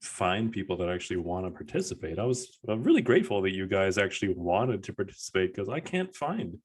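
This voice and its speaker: A man who directs the story, chatting on a podcast in a measured, dry way. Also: low voice, sing-song, husky. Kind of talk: casual group chat.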